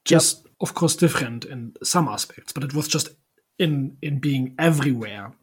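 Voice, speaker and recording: A husky-voiced man chats as a podcast co-host in a mid pitch. He talks haltingly and often repeats his first words before the thought comes. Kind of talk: casual podcast chat.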